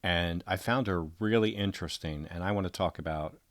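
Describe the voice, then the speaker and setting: Host with a deep voice and a dry, close sound. Thinks out loud, hesitant, corrects himself as he goes. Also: a little fast, dry recording. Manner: musing, tentative, self-correcting. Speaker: commentator. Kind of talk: thinking-aloud video commentary.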